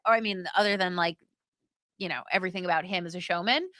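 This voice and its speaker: A woman's voice: on the low side, fast, bright, forceful tone, dry recording, studio quality. A woman co-hosting a live watch party, chatting casually and agreeably with plenty of fillers. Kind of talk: casual chat.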